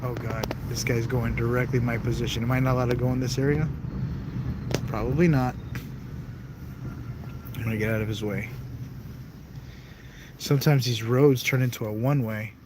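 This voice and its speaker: A man's voice: mid-range voice, steady tone, normal speed, long pauses, noisy background. A man giving casual, chatty commentary to himself while driving, jumpy and self-talking. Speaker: vlog host. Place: inside a car while driving.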